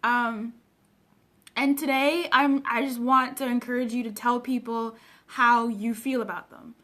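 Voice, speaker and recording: High-voiced earnest coach woman, emotional. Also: fairly bright tone. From Africa. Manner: earnest, emotional, talks straight to viewers. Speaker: personal development coach. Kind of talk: live-stream chat reading viewer comments. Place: home, unprepared for the stream.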